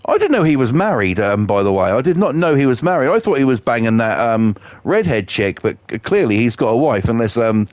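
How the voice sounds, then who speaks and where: A man's voice: mid-range voice, dry recording. Sweary man rambling on stream. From England. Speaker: game streamer. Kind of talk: casual chat on a live stream.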